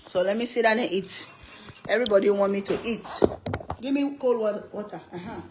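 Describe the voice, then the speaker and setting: A woman's voice: mid-range voice, fairly quick, very noisy. A middle-aged woman talks through her cooking stream at home with a teasing, chatty ease. She laughs easily and keeps the banter going with her viewers. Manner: chatty, playful, laughs often. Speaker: cooking channel host. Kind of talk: casual livestream cooking chat.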